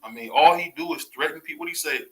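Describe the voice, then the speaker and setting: A man from Cleveland hosting a casual boxing talk show, animated and laughing often as he repeats his points. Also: fairly high pitch, rapid-fire, echoey room, poor audio. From Cleveland, USA. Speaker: podcast host.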